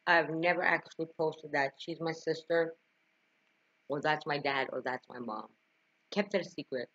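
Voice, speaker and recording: A woman's voice: deep voice, normal speed, a bit bright, breathy edge, dull audio. A young woman vlogging to camera, telling a personal story with emotion, laughing and sighing at times. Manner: emotional, tearful at times, frequent laughs and sighs.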